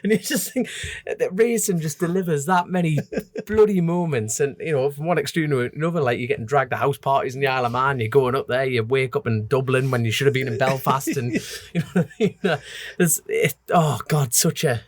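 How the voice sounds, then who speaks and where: With a medium-pitched voice and a brisk pace, free of any room sound, a road racer from the North East of England tells stories on a relaxed podcast. His regional accent comes through as he animatedly mimics others' voices.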